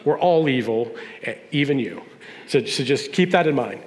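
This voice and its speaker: A man's voice: mid-range voice, animated, moderate pace. A middle-aged man, a pastor, preaching a humorous storytelling sermon and acting out family dialogue. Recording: long reverb of a large hall.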